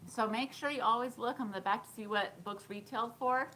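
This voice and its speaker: A woman's voice: fairly high pitch, a little fast, very noisy. A woman in her thirties chatting casually on a live stream, giggling often and answering viewer comments. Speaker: thrift vlogger.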